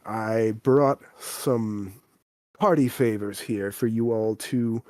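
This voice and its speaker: Man doing a cold, deadpan elven king. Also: slow pace, no echo. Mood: cold disdain. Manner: deadpan, low and quiet. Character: cold elven king, a stern disdainful father.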